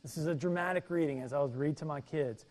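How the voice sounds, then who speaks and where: A man's voice: a little high, quick pace, darkish tone. A male pastor preaching a sermon, emphatic, reading Bible verses aloud and repeating his key points.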